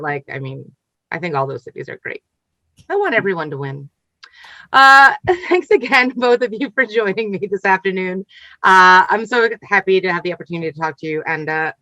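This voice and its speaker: A woman's voice: medium pitch, pushed and bright, no room sound, muffled recording. A woman hosting a comics festival panel online, upbeat and chatty with frequent ums. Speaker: festival event host.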